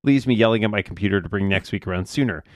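A low-pitched man talks quickly into a close, dry studio mic. He co-hosts a casual podcast and reads listener mail with dry, wry asides. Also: dry recording.

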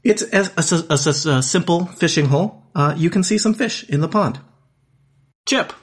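A man acting as game master, narrating a text adventure aloud in plain, measured parser-style lines. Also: a little high, husky.

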